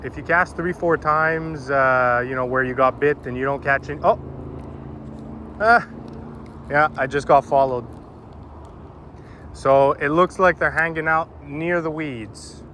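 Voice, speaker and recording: A fishing vlogger chats casually with his viewers from a river bank, calling them "boys" in a loose, informal way. His voice is fairly high and pushed, with a bright edge, and he speaks at a measured pace broken by long pauses. A faint hiss or hum sits under the recording.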